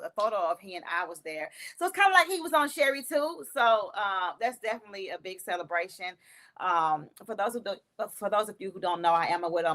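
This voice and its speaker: A woman's voice: on the low side, a bit bright. Emotional woman comedian hosting a podcast. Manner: emotional, heartfelt, with fillers and a few laughs. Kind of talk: personal podcast monologue.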